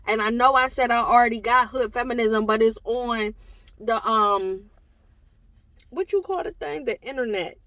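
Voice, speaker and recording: A young woman from Delaware chatting to camera as a book vlogger, animated and exclaiming as she tells a story. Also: a little high, dry recording.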